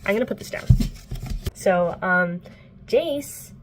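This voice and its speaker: A young woman book vlogger recapping a plot, chatty and playful with lots of filler words and casual swearing. Her voice is mid-pitched, recorded indoors at home with a faint hiss behind it. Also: lively intonation, takes it slowly.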